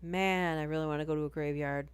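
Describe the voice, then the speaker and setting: A woman's voice: deep voice, fairly even intonation, quick pace, clean tone, no echo. A woman streaming, chatting casually between horror story readings, giggly and full of "like". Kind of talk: casual livestream chat.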